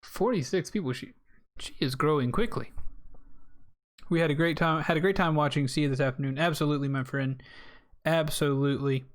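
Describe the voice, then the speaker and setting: Chatty young male streamer, fairly high voice. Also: a little fast, pauses often. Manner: chatty, thanks viewers by name. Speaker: game streamer. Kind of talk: casual end-of-stream chat.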